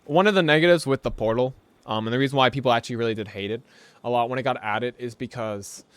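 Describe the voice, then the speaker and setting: A man's voice: medium pitch, quick pace, clear, resonant tone, no room sound. A young man rambling through casual gameplay commentary, laughing often and tossing in slang and "right?" as he talks. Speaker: gaming YouTuber.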